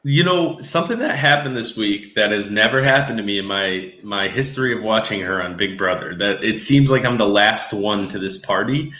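A man's voice: fairly low pitch, normal speed, few pauses. A man co-hosting a podcast, chatting casually and opinionatedly about a reality show and mocking quotes in a put-on voice. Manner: animated, opinionated, mocks quotes. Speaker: podcast co-host. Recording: echoey room.

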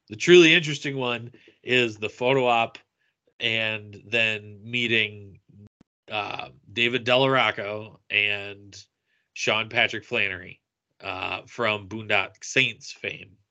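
Bright-voiced man telling a story. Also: fairly low pitch, takes it slowly. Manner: animated, acts out quoted lines. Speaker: podcast co-host. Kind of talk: casual storytelling.

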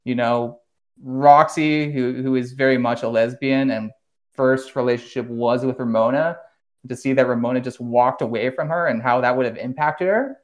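A man hosting a podcast, recapping an animated series in an animated, casual way, swearing now and then and laughing often. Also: medium pitch, normal speed. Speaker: podcast host.

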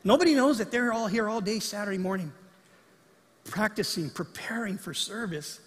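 Animated pastor preaching in a reverberant hall. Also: male voice, high voice, normal speed. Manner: animated, acts out quoted lines. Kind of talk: sermon. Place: church sanctuary.

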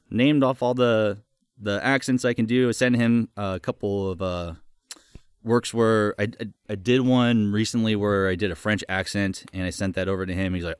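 A man in his twenties, a guest voice actor chatting casually on a podcast, upbeat and quick to laugh, often repeating words as he goes. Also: fairly low pitch, smooth, dry recording, clean studio sound.

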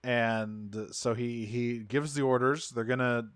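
A man's voice: medium pitch, fairly even intonation, slow pace, dry recording, studio quality. A man co-hosting a podcast, recapping a cartoon episode in casual chat, swearing freely and laughing as he goes. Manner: loose, swears often, laughs while talking. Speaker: podcast co-host.

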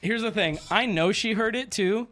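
A man's voice: high voice, moderate pace, a crowd in the background. A male streamer telling a story in a casual, profane rant, acting out the people he quotes. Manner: animated, profane, acts out quoted voices.

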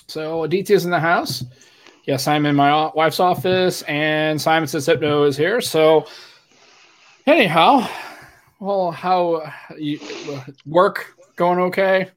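A middle-aged man hosts a casual podcast from a home office, talking over a video call. His voice sits a touch high for a man, and he rambles along and teases his co-host. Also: unhurried. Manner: rambling, teasing. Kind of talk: casual chat. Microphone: webcam video call.

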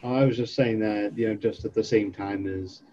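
A man's voice: lowish voice, steady tone, moderate pace, warm tone, dull audio. A man playing a tabletop game, explaining his character's actions in a loose, chatty way. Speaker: player. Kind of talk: casual tabletop game play.

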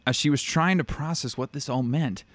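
A man reading a dark fantasy story aloud in a steady, measured way. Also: medium pitch. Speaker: narrator.

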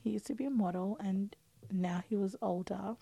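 A woman in a casual chat, often talking softly, near a whisper. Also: mid-range voice, normal speed, gravelly, no echo, rough recording. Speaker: podcast co-host.

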